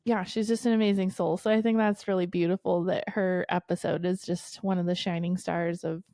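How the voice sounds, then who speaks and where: A woman's voice: fairly low pitch, level tone, fairly quick, dark tone, no room sound, clean studio sound. A woman in her thirties co-hosting a podcast, telling a story in casual chat, swearing freely and laughing often. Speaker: podcast co-host.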